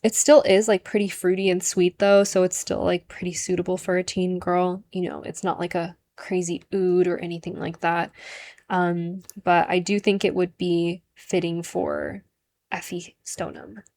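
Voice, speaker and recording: A woman's voice: on the low side, little pitch movement, moderate pace, a little mellow. A woman talking casually to the camera as a perfume vlogger, chatty and full of "like" and "um" fillers. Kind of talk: casual vlog monologue.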